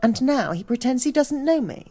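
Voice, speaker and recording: Game NPC: bitter, downtrodden medieval woman, slightly high voice, measured and resentful. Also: animated, dark tone, breathy edge, soft background music. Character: weary, bitter medieval woman down on her luck.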